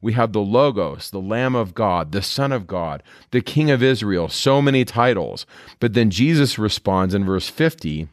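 Male podcast host, lowish voice, dry close recording, reads verses then explains casually. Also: expressive, normal speed, no echo. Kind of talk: teaching commentary on scripture.

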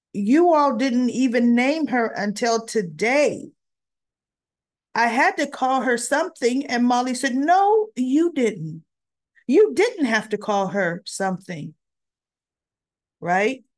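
Slow, chatty woman recapping a soap. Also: a little high. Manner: chatty, retells scenes with quoted dialogue. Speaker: soap opera reviewer. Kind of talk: casual recap.

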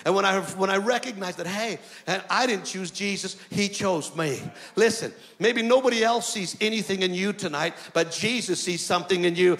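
Guy preaching a story sermon, high voice, acts out all the dialogue, big echoey hall. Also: normal speed, few pauses. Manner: animated, acts out dialogue in his stories. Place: church hall, indoors. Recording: long reverb in a large hall.

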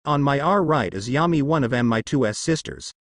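A man voicing a shy young woman goddess who stutters, speaking gently and politely. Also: mid-range voice, animated, brisk, no echo, clean studio sound, close to an everyday voice.

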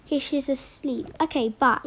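A woman's voice: high-pitched, normal speed, background noise. A woman vlogger talking through a role-play to her viewers, often dropping to a whisper.

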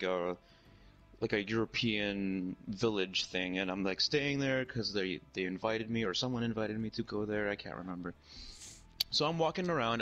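A man's voice: lowish voice, highs cut off. A young man chatting casually as a streamer, telling a long story in a rambling way, full of "like" and "right?". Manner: animated, rambling, heavy use of "like" and "right?".

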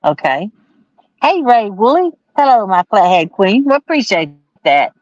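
A woman's voice: mid-range voice, very animated, a little slow, darkish tone, no echo. A woman hosting a fishing livestream from a pontoon boat at night, chatting and reading viewer comments in a drawling, playful way. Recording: slightly dull, lo-fi sound.

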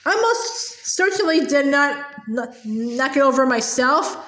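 Woman doing a giant headmistress, roaring mad, high pushy voice, roomy echo. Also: expressive, a little slow, sharp tone, slight background noise, exaggerated voice. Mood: furious. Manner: roaring, bellowing. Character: huge furious bullying headmistress woman.

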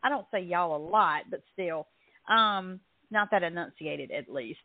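A woman's voice: lowish voice, expressive, unhurried, no echo. A woman with a Southern US accent co-hosting a radio chat show, bubbly and laughing, often restarting her sentences. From Southern United States. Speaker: radio co-host. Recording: tinny dry phone line.

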